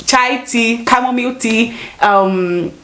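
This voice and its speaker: A woman's voice: on the high side, slow pace, a bit bright. Chatty Nigerian woman vlogging. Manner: chatty, laughs often, rephrases mid-sentence. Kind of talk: casual chat to camera.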